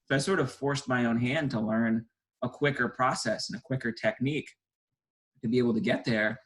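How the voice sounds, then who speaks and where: A man's voice: mid-range voice, fairly quick, a bit bright, rough recording. A man in his twenties, a stage hypnotist, talking casually and eagerly as an interview guest. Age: 20s.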